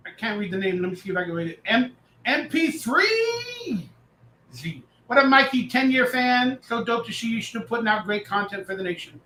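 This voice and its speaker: A man hosting a casual live reaction stream, talking loudly and excitably, reading and answering chat messages as he goes. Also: high voice, echoey room, a little hiss or hum, poor audio. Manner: loud, excitable, reads chat aloud.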